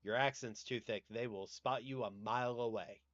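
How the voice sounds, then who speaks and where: A man's voice: mid-range voice, steady tone, normal speed, a bit bright, no echo, dull audio. A man with a Southern US accent, hosting a livestream in casual, rambling chat and swearing casually. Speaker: livestream host.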